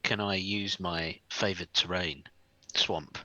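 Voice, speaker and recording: A man's voice: low voice, steady tone, takes it slowly, bright, forceful tone, no room sound, dull audio. A man playing a tabletop role-playing game, talking in a hesitant way with restarts. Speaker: player.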